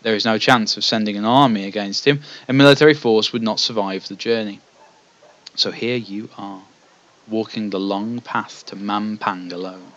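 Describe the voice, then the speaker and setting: A man's voice: lowish voice, steady tone, normal speed, fairly bright tone, muffled recording. A man playing a text adventure, reading the story aloud and chatting between passages with hesitant asides. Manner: reads the story evenly, then chats with hesitant asides. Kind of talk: let's play, reading game text aloud with commentary.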